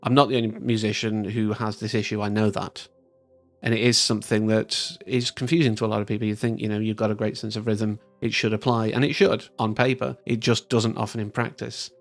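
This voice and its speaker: A man giving a chatty, enthusiastic spoken review of a game, rambling and restarting his sentences. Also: medium pitch.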